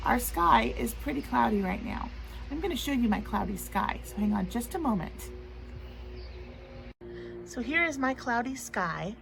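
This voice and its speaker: Sing-song teacher reading to little kids. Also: female voice, a little high, a little slow, vocal fry, pauses often, over music, rough recording. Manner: expressive, sing-song storytelling. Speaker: preschool teacher. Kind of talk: reading a picture book aloud to young children. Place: outdoors in the rain near a road. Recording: traffic noise from passing trucks.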